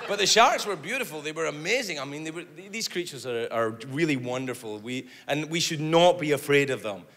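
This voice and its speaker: Animated Scottish comic in a big hall. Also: male voice, a little fast. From Scotland. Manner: animated, swings into shrieking high voices for punchlines. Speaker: stand-up comedian. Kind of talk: stand-up comedy storytelling. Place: large theater stage. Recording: reverberant hall with loud audience noise.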